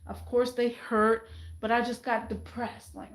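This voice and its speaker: Woman, casual vlog monologue, rambling and animated, slightly high voice, echoey room. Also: unhurried. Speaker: vlogger.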